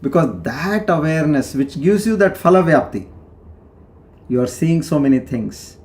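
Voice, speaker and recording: A man giving a devotional discourse on scripture, explaining slowly with pauses and sudden rises in pitch. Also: animated, darkish tone. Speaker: spiritual teacher.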